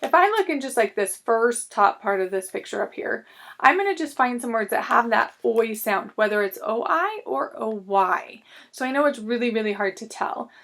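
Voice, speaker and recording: A woman teacher giving a recorded reading lesson to young students, sounding out words slowly and patiently. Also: a little high, expressive, creaky, fairly bright tone.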